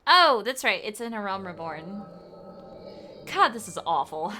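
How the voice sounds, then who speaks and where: Excitable woman gaming streamer. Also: medium pitch, measured pace, a little hiss or hum. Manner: excitable, reactive, wry. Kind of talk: casual gameplay commentary.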